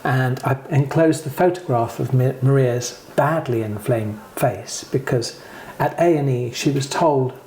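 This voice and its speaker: A man's voice: medium pitch, a little slow, hardly any pauses, darkish tone, slight background noise. A middle-aged English man co-hosting a vlog, supportively prompting his partner through a hard story. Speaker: vlog co-host. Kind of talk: candid conversation. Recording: roomy echo.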